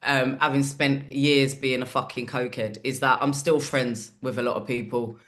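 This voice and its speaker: Sweary, animated woman. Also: rumbling low, moderate pace. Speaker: comedian guest. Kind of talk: casual podcast chat.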